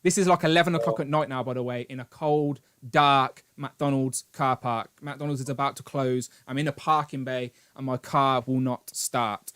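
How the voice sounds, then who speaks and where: A British man hosting a live stream, telling a long story in an animated, rambling way with grumbling asides. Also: mid-range voice, moderate pace, hardly any pauses, smooth. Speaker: host. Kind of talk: casual live-stream chat.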